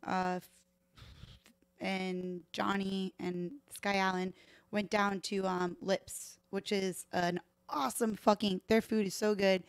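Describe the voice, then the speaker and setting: Animated, profane woman telling bar stories. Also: mid-range voice, smooth, dry recording. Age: 30s. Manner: animated, profane, laughs often, acts out voices in anecdotes. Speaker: bartender guest. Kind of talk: casual podcast storytelling. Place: podcast live stream room.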